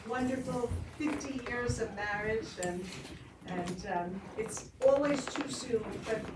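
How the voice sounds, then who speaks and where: Slow high-voiced woman leading a memorial. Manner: slow, gentle reading. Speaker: memorial service leader. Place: funeral home. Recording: echoey room from far off, noisy crowd.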